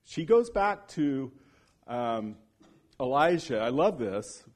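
A man preaching a sermon in a mid-pitched voice. He tells the story with energy and acts out the quoted speech. On solemn points he drops to a hushed, low voice. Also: sing-song, slow.

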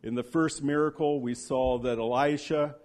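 A man preaching a sermon in a mid-pitched voice. He tells the story with energy and acts out the quoted speech. On solemn points he drops to a hushed, low voice. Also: fairly even intonation, moderate pace.

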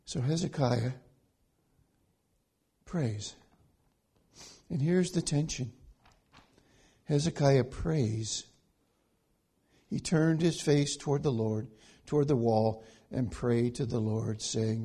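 A man preaching a sermon, swinging between loud pleading passages and hushed, quiet stretches. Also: mid-range voice, animated, slow, pauses often, breathy edge.

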